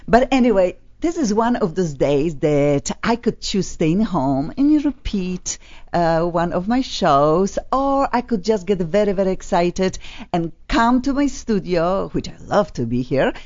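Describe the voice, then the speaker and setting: Woman, radio host, foreign accent, low voice, effusive chatty manner, dull lo-fi sound. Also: very animated, a little slow, a little mellow. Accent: foreign accent in English. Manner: chatty and effusive, laughs often. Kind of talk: casual radio talk show.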